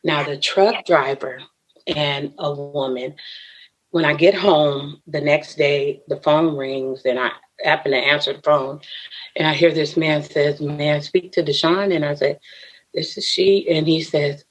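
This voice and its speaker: A woman's voice: low voice, unhurried, lo-fi sound. A woman, a podcast guest, earnestly telling a personal story and laughing often between lines.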